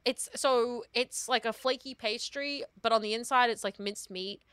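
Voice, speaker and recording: Bright-voiced Australian woman, rambling chat. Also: fairly high pitch, moderate pace, clear, resonant tone, no echo. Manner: rambling, self-deprecating, laughs often. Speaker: guest. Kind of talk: casual chat.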